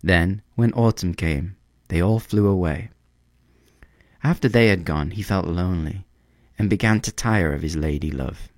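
Brief: male storybook narrator, deep and lively, close dry sound. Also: no room sound. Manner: measured, expressive reading.

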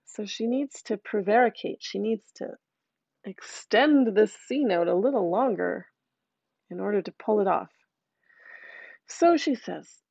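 A woman telling a folktale aloud in a lively, conversational way with asides to listeners. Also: mid-range voice, a little slow, vocal fry, long pauses, dry recording, highs cut off. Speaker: storyteller.

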